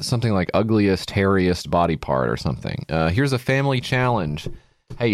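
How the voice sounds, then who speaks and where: Male podcast cohost, very low voice, dry close sound, sarcastic and crude. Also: dry recording. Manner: sarcastic, crude, reviewing a party game. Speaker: podcast co-host. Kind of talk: comedy podcast chat.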